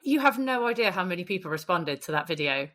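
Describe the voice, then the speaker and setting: Cheeky, bright woman co-host. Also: on the low side, expressive. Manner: cheeky, sweary, quick to laugh. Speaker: podcast co-host. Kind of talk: casual chat.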